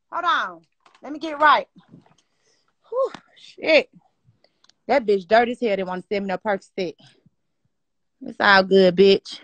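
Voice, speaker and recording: A woman hosting a casual phone livestream, talking loudly and profanely in a rambling way. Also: medium pitch. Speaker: livestream host.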